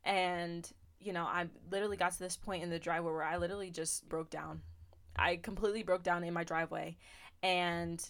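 A young woman with a slightly low voice tells her own faith testimony on a podcast. She speaks earnestly and with feeling. Her telling is loose and heartfelt, full of little fillers. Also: little pitch movement, brisk, fairly bright tone. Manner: earnest, emotional storytelling with many fillers. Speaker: podcast host.

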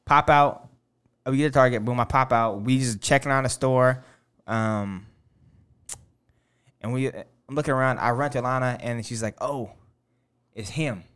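A man's voice: medium pitch, unhurried, long pauses, fairly bright tone, smooth. A man in casual chat with friends, telling a long story loosely with lots of fillers and swearing. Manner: rambling, loose, profane storyteller with many fillers.

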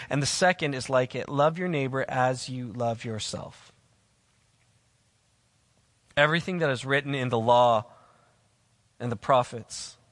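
Here a man of medium pitch and fairly bright tone preaches emphatically, repeating his main phrases. He is a pastor filmed in a church, addressing online viewers through the camera, and the room rings with long reverb.

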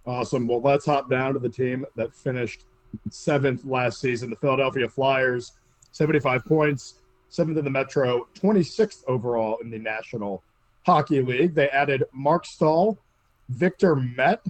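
A man's voice: medium pitch, moderate pace, no echo. A man hosting a casual sports podcast, steering segments and reading through lists of names. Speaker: podcast host.

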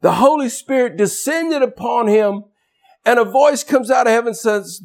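A man preaching a sermon as pastor, swinging from loud shouted emphasis to quiet, low asides. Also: lively intonation, moderate pace.

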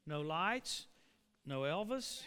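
A man preaching a storytelling sermon to a church congregation, animated and putting questions to the room. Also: a little high, slow pace. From Oklahoma. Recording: echoey church hall.

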